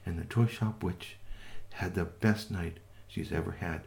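A man telling a children's story with lively, sing-song narration and playful asides to listeners. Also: lowish voice, normal speed, vocal fry.

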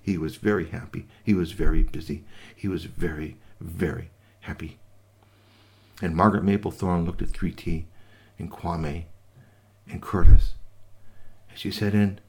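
A man telling a made-up bedtime story to children, gentle and animated, adding sound effects and voices. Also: low-pitched, unhurried, pauses often.

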